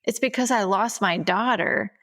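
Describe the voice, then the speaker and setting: Gravelly-voiced woman co-hosting a podcast. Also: medium pitch, normal speed, a bit bright. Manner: candid, teasing then earnest. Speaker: podcast co-host. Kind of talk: casual chat.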